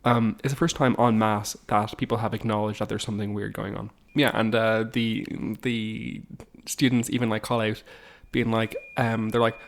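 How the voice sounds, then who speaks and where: A man's voice: fairly low pitch, level tone, moderate pace. A man, co-hosting a podcast in casual, self-mocking chat with frequent restarts. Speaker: podcast co-host.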